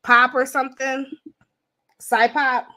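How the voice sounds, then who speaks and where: A woman's voice: high-pitched, little pitch movement, slow, pushed and bright. A young woman hosting a livestream, chatting bluntly and profanely to her viewers. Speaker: livestream host. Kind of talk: casual livestream commentary.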